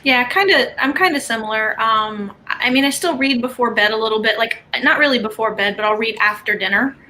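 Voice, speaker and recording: A woman's voice: on the high side, fairly quick, slight background noise, low-quality recording. A woman chatting as a guest on a group call, telling a story and acting out what she said. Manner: storytelling, animated quoting of herself. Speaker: guest in writing group stream. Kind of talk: casual chat.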